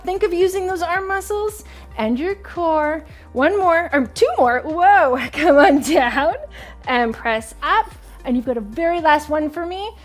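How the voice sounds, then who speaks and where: A woman hosting a home workout show, guiding viewers through push-ups and stretches with encouragement, a little out of breath. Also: sits high. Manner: encouraging, counting reps aloud with laughs. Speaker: fitness instructor and host. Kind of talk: guided home workout instruction.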